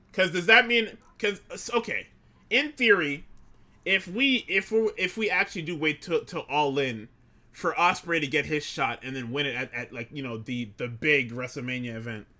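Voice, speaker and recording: A man with a very bright, cutting voice that sits a little high. He talks in casual podcast chat, excitable and profane, and breaks into laughter often. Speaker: podcast co-host.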